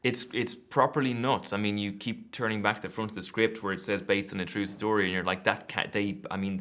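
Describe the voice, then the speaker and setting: A man in his thirties with an Irish accent, chatting casually as an actor being interviewed, self-deprecating and quick to laugh. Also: on the low side, fairly even intonation, bright, forceful tone. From Ireland.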